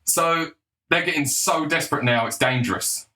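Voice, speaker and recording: A man's voice: fairly high pitch, normal speed, pushed and bright, low-quality recording. A young man giving a blunt, combative, sarcastic opinion monologue, swearing freely. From England. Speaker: political commentator.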